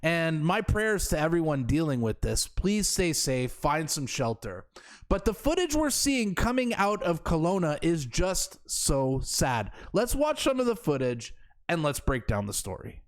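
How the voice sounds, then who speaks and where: A man's voice: fairly high pitch, sing-song, unhurried. A man hosting political commentary in a sarcastic, incredulous manner. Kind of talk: opinionated commentary.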